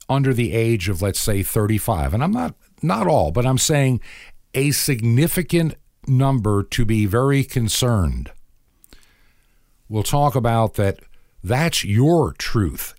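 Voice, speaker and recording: A man's voice: fairly low pitch, darkish tone, no room sound, studio quality. A middle-aged man hosting a radio program, delivering an earnest, moralizing monologue and acting out bits of conversation. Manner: earnest, moralizing, acts out dialogue in quotes. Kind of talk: preaching talk-show monologue.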